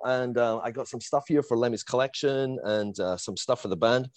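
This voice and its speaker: A middle-aged man who moved to the United States from abroad, telling a long, animated fan story in casual chat, full of fillers and little laughs. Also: medium pitch, a little fast, hardly any pauses, no echo.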